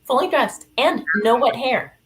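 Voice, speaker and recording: A woman's voice: high voice, a little slow, noisy background. A woman guest in a casual group chat, recounting things in an earnest, matter-of-fact way. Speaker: panel guest.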